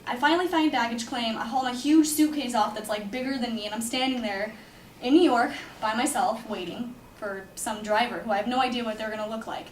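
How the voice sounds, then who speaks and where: A woman's voice: fairly high pitch, brisk, recorded from a distance, slight background noise. A young woman from California telling a personal story in a chatty way, with lots of "like" fillers. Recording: echoey room, speaker away from mic, faint ambience.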